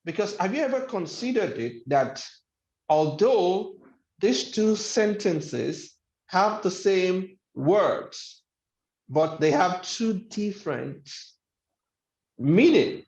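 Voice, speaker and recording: A man's voice: high-pitched, expressive, slow, darkish tone. A man giving a motivational webinar lecture, speaking emphatically and repeating key phrases for effect. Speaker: webinar speaker on life skills. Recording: echoey room, dull lo-fi sound.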